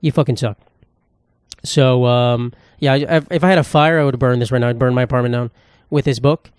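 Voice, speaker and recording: A young man talks through a solo podcast, loose and rambling, swearing freely and tossing in sarcastic asides. His voice sits at an ordinary middle pitch, and his throat sounds dry. The sound is close and dead, with no room around it. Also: fairly even intonation, fairly quick, a little mellow, clear, resonant tone, no echo. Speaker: podcast host. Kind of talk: casual solo podcast monologue.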